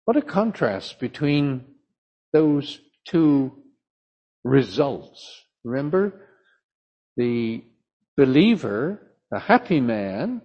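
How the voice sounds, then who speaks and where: An older man preaches slowly and emphatically, his husky voice rising and falling with animated pitch. The recording is dull and lo-fi, like an old sermon tape. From south of England. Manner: slow, emphatic, storytelling preaching.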